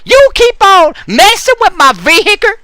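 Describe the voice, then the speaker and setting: A man voicing a fed-up male neighbor who complains and threatens loudly. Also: very high voice, very animated, moderate pace, no room sound, clean studio sound, pitched above the performer's own voice, heavily acted. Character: fed-up male neighbor angry about his car.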